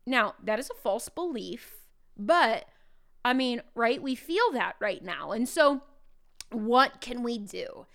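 Woman podcast host, chatty direct address, fairly high smooth voice. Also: big pitch swings, slow pace, a bit bright. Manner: chatty, conversational, speaks directly to listeners. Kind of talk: casual podcast monologue.

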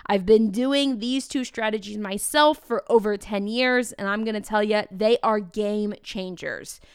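A woman with a Midwestern American accent hosting a podcast, talking in an energetic, chatty way with playful asides to her listeners. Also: medium pitch, measured pace, clean tone, no room sound, clean studio sound. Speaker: podcast host. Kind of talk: upbeat podcast monologue.

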